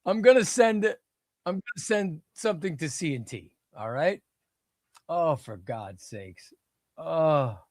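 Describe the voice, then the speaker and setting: A man hosting a casual comic book livestream, excitable and self-deprecating as he fumbles with the setup. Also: fairly high pitch, a little slow, no echo, clean studio sound. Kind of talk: casual live stream chat.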